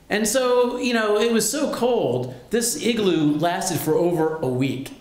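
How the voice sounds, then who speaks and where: A man telling a personal story on stage at a live storytelling show, wry and lively. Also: high voice, a little slow, hardly any pauses, echoey room. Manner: wry, lively, self-mocking.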